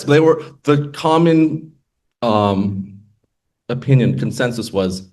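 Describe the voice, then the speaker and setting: A man's voice: on the low side, slow, darkish tone. A man, an attorney, telling a personal faith story to a group in a casual storytelling way, acting out the quoted dialogue and adding many asides. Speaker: attorney sharing a testimony. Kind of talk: personal testimony at a group meeting.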